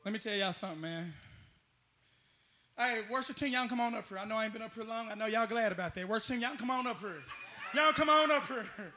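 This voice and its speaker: A man preaching a sermon in a church, impassioned and repetitive, building to shouts. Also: sits high, quick pace, a little hiss or hum. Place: church with an altar.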